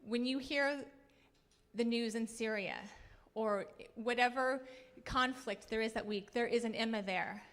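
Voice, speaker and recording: A woman's voice: fairly high pitch, a little slow. A middle-aged woman from Kansas giving an earnest acceptance speech, telling stories with touches of humor. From Kansas, US Midwest. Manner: earnest storytelling with light humor.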